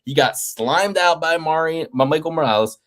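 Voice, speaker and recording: A man co-hosting a casual fight-picks podcast, talking in an animated, profane way and slipping into mocking impressions, with a faint Delaware County, Pennsylvania accent. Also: on the high side, moderate pace. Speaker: podcast co-host.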